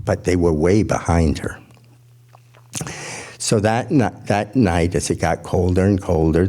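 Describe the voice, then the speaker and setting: A man telling a folk tale to a gathering, in a measured, gentle storytelling manner. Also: sits low, gravelly.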